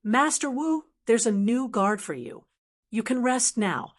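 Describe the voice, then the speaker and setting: A woman's voice: fairly high pitch, animated, a little slow. A woman voicing a cheerful young woman who teases a friend. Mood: teasing.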